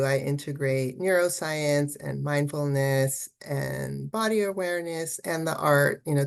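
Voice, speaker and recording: A woman's voice: deep voice, gravelly. A woman art therapist giving a festival talk, encouraging and conversational, often checking in with "right?".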